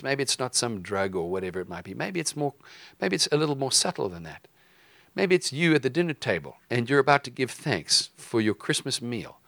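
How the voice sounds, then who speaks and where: A man preaching a relaxed teaching sermon, his voice sitting at an ordinary middle pitch. He talks lively and playful, slipping into little acted-out voices and quick jokes. The sound is dry and close, with no room echo. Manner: lively, acts out quoted voices with jokey asides.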